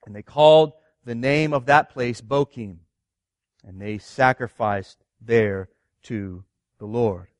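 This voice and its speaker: A man's voice: medium pitch, takes it slowly, no room sound, clean studio sound. A man preaching a sermon, reading scripture and asking his listeners earnest rhetorical questions. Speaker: pastor.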